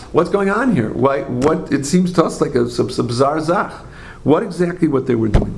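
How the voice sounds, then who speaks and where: A man gives a religious class in a gravelly, mid-pitched voice, telling stories with animated rhetorical questions. He breaks off and corrects himself often and turns to his listeners with asides. A faint background hum runs underneath. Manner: frequent self-corrections and trailing phrases. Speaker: Torah teacher. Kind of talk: religious class lecture with storytelling.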